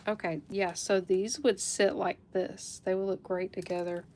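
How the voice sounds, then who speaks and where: A woman's voice: mid-range voice, level tone, moderate pace, a little mellow, slight background noise. A woman hosting a live jewelry sale stream, chatting casually with viewers by name and laughing often. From United States.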